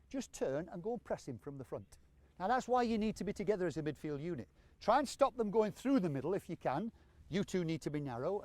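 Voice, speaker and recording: A man with a raised, high-pitched voice coaches players on an outdoor football pitch. He calls out brisk, encouraging commands and explains the drill as it runs. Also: a little mellow, dry recording.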